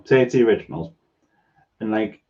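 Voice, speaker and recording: Hosting a casual livestream chat, this Geordie man from Newcastle in Northeast England keeps stammering and starting his sentences over. He talks fairly quickly in a lowish, warm voice. The audio comes across dull.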